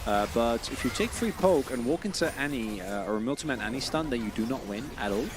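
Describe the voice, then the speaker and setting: A man casting an esports match in casual commentary, chatty and self-deprecating, with bursts of excitement on big plays. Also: medium pitch, a little fast, music in the background. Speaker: esports caster.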